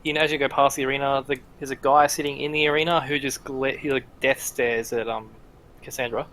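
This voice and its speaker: A man's voice: medium pitch, level tone, a little fast, a bit bright, a little hiss or hum, poor audio. Rambling man narrating as game master. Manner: loose and rambling, full of "like" and "sort of".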